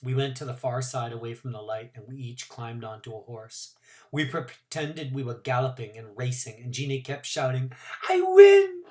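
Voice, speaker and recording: A male teacher reading a novel aloud to his class in an expressive first-person narration with varied pacing. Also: medium pitch, normal speed.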